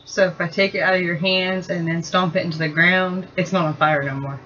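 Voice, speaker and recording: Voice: mid-range voice, steady tone, a little fast, bright, forceful tone. Cursing sarcastic game player, mid voice, lo-fi recording with light hiss. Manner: sarcastic, cursing, laughs easily. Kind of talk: casual tabletop game play. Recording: dull lo-fi recording with faint hiss.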